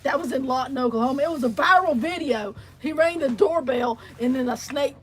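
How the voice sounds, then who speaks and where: High-voiced, blunt, profane woman. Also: a little fast, slight background noise. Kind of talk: casual livestream chat.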